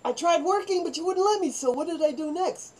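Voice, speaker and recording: A woman's voice: very high-pitched, fairly quick, rough recording. Older woman telling rambling life stories. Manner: rambling, animated, acts out quoted voices. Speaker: vlogger telling her life story. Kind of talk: personal storytelling monologue.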